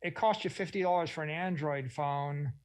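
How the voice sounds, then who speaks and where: Middle-aged man, fairly high voice, expansive and eager panel speaker. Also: normal speed, clean tone, rough recording. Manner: enthusiastic, expansive, acts out quoted voices. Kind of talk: conference panel discussion.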